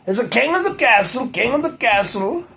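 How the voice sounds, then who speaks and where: A man's voice: extremely high pitch, expressive, normal speed, creaky, sharp tone, voice pushed up, full character voice. A man voicing a goofy, crude, cheerful foreign male reporter in exaggerated broken English.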